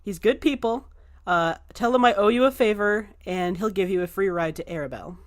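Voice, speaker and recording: A woman's voice: mid-range voice, brisk, dry recording, clean studio sound, close to an everyday voice. A woman voicing a blunt, tough female ship captain. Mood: brisk.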